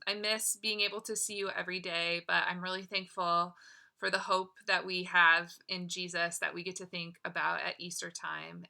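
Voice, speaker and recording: A woman teacher dictating a spelling test, saying each word, using it in a sentence, then repeating it deliberately. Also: lowish voice, vocal fry, pushed and bright. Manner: affectionate toward students.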